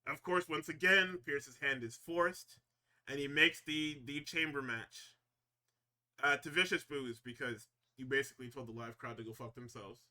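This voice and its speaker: A man on a podcast giving a casual, profane wrestling recap. He gets excitable, laughs often and acts out the wrestlers' lines. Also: medium pitch, normal speed.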